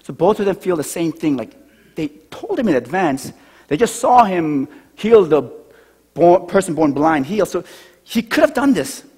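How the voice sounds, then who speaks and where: Husky-voiced man preaching in a hall. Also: sits high, sing-song, moderate pace. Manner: conversational preaching, drops to a hush on key lines. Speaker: pastor. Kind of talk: sermon. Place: church sanctuary. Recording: church hall reverb.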